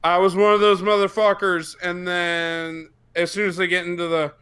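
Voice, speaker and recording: A young man telling a profane, excitable story on a casual podcast, bursting into shouts for the quoted parts. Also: high-pitched, normal speed, smooth. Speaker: podcast co-host.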